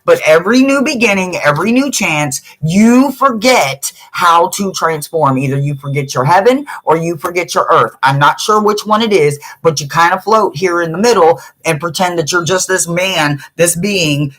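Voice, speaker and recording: A woman's voice: fairly low pitch, expressive, normal speed, hardly any pauses, a bit bright, rough recording. A woman working as a spiritual reader, giving a blunt, emphatic pep talk to the listener. She swears freely and repeats phrases to drive her points home.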